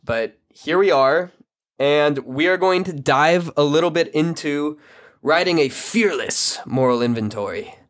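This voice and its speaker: A man's voice: a little high, measured pace. Blunt, swearing podcast host, a man. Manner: candid, blunt, swears freely. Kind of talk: casual solo podcast monologue.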